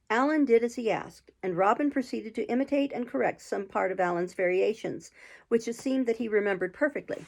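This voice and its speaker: A woman's voice: fairly high pitch, fairly quick, creaky, a little mellow. A woman reading a classic adventure novel aloud, lifting her voice for the characters' quarrelling lines. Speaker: audiobook reader.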